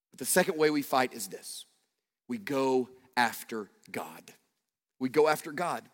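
A man's voice: a little high, fairly bright tone, long reverb tail. A man giving a sermon as pastor, conversational and full of rhetorical questions and self-deprecating stories.

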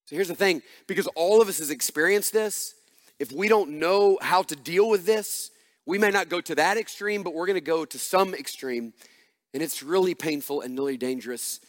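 A man's voice: a little high, moderate pace. A man preaching a sermon as pastor, emphatic and repetitive, building punchy refrains. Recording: long reverb of a large hall.

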